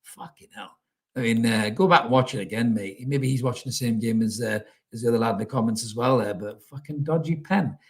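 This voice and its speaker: A man's voice: medium pitch, quick pace, few pauses. A man hosting a casual live stream, chatting loosely, swearing freely and calling his listeners mate. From North East England. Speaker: fan channel host reading live chat.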